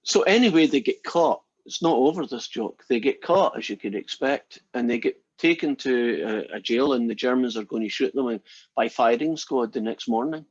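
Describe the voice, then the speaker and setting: A man's voice: mid-range voice, moderate pace, breathy edge, dry recording, highs cut off. A male math instructor lecturing casually and telling a long joke to his class in a chatty, storytelling way.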